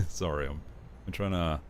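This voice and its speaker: A man's voice: sits low, a bit bright, a little hiss or hum. A man streaming a game, chatting casually and critiquing his own voice work. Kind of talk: casual chat while playing.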